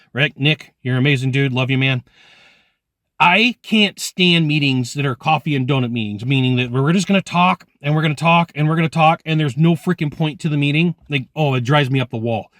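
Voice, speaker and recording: A man giving energetic direct-to-camera sales training, emphatic and animated, acting out people's reactions as he talks. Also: fairly high pitch, brisk, no echo.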